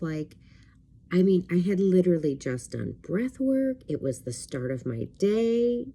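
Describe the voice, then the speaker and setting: Low husky woman, slow and mellow. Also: big pitch swings. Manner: candid, rambling storytelling with fillers. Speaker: life coach. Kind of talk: casual talking-to-camera vlog.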